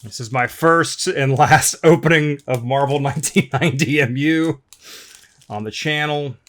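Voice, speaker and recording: A man's voice: a little high, moderate pace, a bit bright. A man opening trading card packs on camera, grumbling wryly about poor centering and talking to his viewers as folks. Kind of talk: casual box-break commentary.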